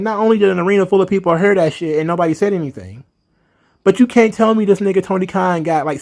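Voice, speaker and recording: Man, fairly high voice, angry ranting commentary, profane, heated, emphatic. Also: vocal fry. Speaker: wrestling commentary vlogger.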